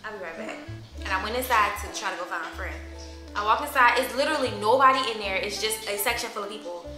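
Woman vlogger, animated storytelling, acts out voices, echoey room. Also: medium pitch, quick pace. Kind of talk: casual storytelling to camera. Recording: echoey room with loud music behind.

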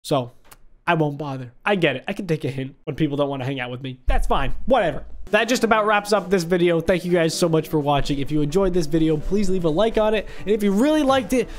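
Young male gaming host, high voice, jokey and animated, yelps when excited; desktop mic commentary. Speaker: gaming YouTuber. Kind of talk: playful game commentary. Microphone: desktop microphone.

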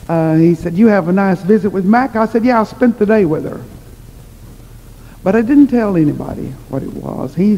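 A woman's voice: on the low side, warm tone, lo-fi sound. Self-mocking woman preacher telling stories. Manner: chatty, laughing, self-mocking. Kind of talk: humorous storytelling sermon. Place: church hall. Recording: long reverb in a large hall.

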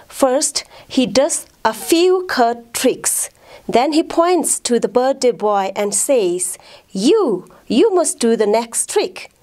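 A woman's voice: a little high, a little mellow. A woman teaching a phonics lesson, sounding out letters one by one and then blending them into words. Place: school in Ladakh, India.

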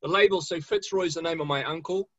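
A man's voice: on the high side, fast, dry recording, lo-fi sound. A man with a New Zealand accent, a winemaker telling chatty, jokey stories at a live online tasting. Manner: chatty, jokey, swears, mimics voices in anecdotes. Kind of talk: casual storytelling at a live virtual tasting. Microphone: video call.

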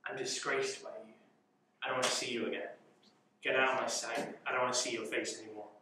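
A wronged king , voiced by a man, speaks low and cold, laying out his accusations. The sound comes from far across a very echoey room. He stays bitter and disgusted. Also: little pitch movement, fast talker, noisy background, natural voice. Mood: accusing. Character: angry betrayed male king confronting a traitor.

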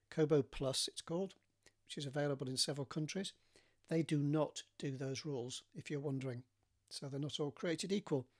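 Male author, casual solo chat, gravelly, hesitant. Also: a little high. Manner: hesitant, many ums and restarts. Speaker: author talking to readers.

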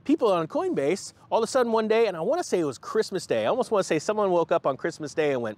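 A man hosting a casual crypto vlog in an animated, joking manner. His voice sits a little high and bounces up and down a lot as he talks. He likes to slip into mocking put-on voices when he makes fun of a company. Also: racing, hardly any pauses. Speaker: host of a crypto finance channel.

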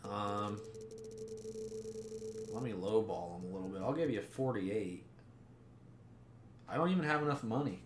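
A man's voice: fairly low pitch, measured pace, long pauses, reverberant, noisy background. A man giving casual, sarcastic gameplay commentary as a gaming YouTuber. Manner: sarcastic, joking banter.

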